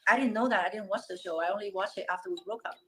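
A woman's voice: medium pitch, rapid-fire, a little hiss or hum, rough recording. A woman guest talking heatedly and defensively, cutting in to tell her side. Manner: agitated, defensive, talks over others. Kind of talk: heated call-in talk.

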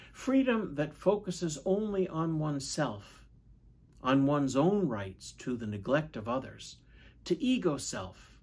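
A man, a priest, giving a measured, reflective Sunday homily and asking questions of his listeners. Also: fairly high pitch, breathy edge. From United States.

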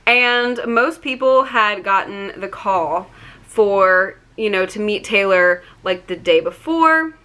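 A woman's voice: medium pitch, lively intonation, takes it slowly, bright, forceful tone. A young woman vlogger telling a personal story in a chatty, emotional way, full of "like" fillers. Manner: chatty, many "like" fillers, gets choked up.

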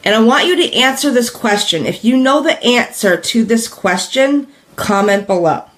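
A woman's voice: fairly high pitch, expressive, moderate pace. A woman teaching in a live stream, talking casually with many fillers, asking viewers questions, repeating her points and laughing lightly. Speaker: direct sales business coach.

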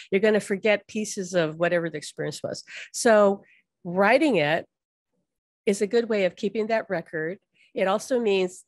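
A woman's voice: medium pitch, dry recording, clean studio sound. A woman spiritual teacher talking casually to her audience, chatty and laughing often, with many fillers like "like".

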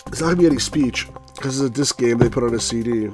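A man's voice: medium pitch, quick pace, hardly any pauses, faint music behind. A man hosting a let's play, giving casual, rambling commentary full of fillers and frequent chuckles.

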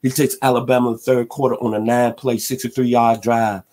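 A man's voice: medium pitch, brisk, hardly any pauses. A man hosting a sports talk radio show, retelling an old football game with dramatic flair and chanting crowd cheers along the way. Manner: animated storyteller who chants crowd cheers and hums band tunes.

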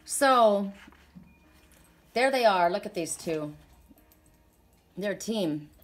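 A woman's voice: medium pitch, expressive, slow, soft background music. A woman with a sore throat giving a casual, rambling oracle card reading, stressing her points with many restarts.

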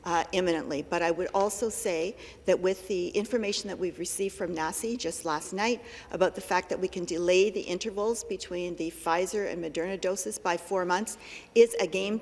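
A woman answering as health minister in a legislature, measured and pausing with fillers. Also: fairly low pitch. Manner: measured with frequent pauses and fillers. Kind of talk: parliamentary answer. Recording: reverberant legislative chamber.

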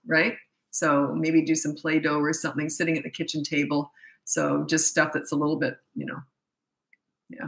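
A woman's voice: low-pitched, bright, forceful tone, echoey room, rough recording. A middle-aged woman coaching parents in casual talk, blunt and emphatic, acting out the lines she quotes. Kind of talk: casual advice answering viewer questions.

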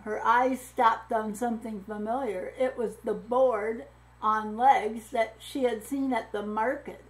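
A woman reading a missionary story aloud to children, expressive and drawing in her listeners. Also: fairly high pitch, low-quality recording. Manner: expressive, engaging the listeners with questions.

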